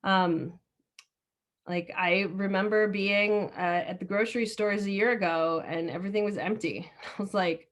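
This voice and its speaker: A woman leads a group discussion over a video call, retelling a fable in loose, chatty storytelling. Her voice sits in a middle pitch, with frequent filler words as she thinks aloud. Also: steady tone, moderate pace. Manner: chatty, many fillers and restarts. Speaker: discussion leader. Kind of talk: casual storytelling talk.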